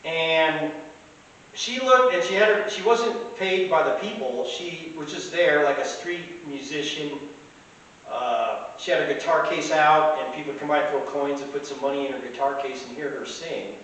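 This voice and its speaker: A man's voice: a little high, normal speed, a bit bright. A man telling casual anecdotes as a podcast host, rambling along with frequent fillers and restarts. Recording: very echoey room, mic at a distance, faint hiss.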